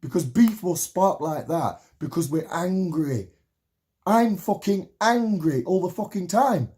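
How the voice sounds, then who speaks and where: Heated, high-voiced man ranting. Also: lively intonation, measured pace, dark tone. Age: 30s. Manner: heated, swearing, repetitive rallying rant. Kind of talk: impassioned spoken monologue to camera.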